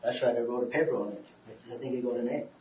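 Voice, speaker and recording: A man giving a sermon with a personal story. He often stumbles and repeats words, and swings between loud urging and quiet confession. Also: mid-range voice, fairly even intonation, racing, background noise. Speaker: speaker on depression, preacher. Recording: roomy, distant, dull-sounding hall recording.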